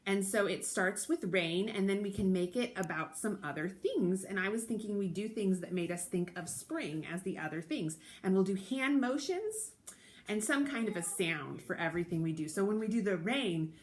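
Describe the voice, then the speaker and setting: A woman hosting a children's storytime from home, leading a sing-along with a gentle, encouraging manner. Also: medium pitch. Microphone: recording alone to camera.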